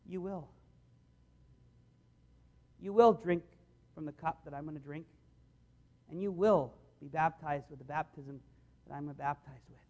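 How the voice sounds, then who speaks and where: A man preaching a sermon, voicing Jesus speaking gently to his disciples in a hushed voice. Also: a little high, fairly even intonation, unhurried, long pauses, voice pushed down. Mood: tender, hushed. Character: Jesus, tender loving grown man.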